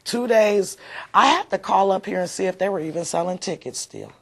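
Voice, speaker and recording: A woman's voice: mid-range voice, fairly quick. A woman, a mother being interviewed, talking heartfelt and rambling with many fillers. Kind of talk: emotional interview recollection.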